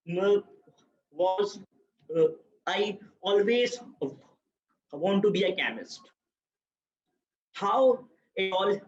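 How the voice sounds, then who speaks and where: A young Pakistani man with a fairly high voice delivers a speech at a very slow pace, stopping often and repeating words before moving on. His voice echoes around a room, and the recording sounds muffled. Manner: halting, repeats many words while searching. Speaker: club speaker. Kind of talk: prepared speech at a speaking club.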